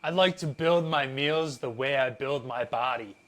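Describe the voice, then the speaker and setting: A man voicing a calm, confident, fit young man who speaks with self-assurance. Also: medium pitch, moderate pace, natural voice. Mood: assured.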